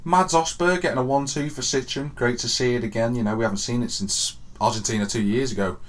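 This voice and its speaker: A young man co-hosting a podcast, telling an excited story that swings from hushed to loud. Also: medium pitch, fast talker. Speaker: podcast co-host. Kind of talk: excited casual chat.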